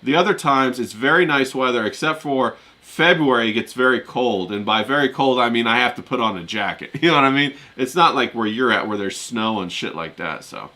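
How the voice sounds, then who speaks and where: A man from Kentucky hosting a casual live stream, chatting loosely with slang and shouting out viewers in chat. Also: medium pitch, animated, a little fast, hardly any pauses. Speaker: streamer host.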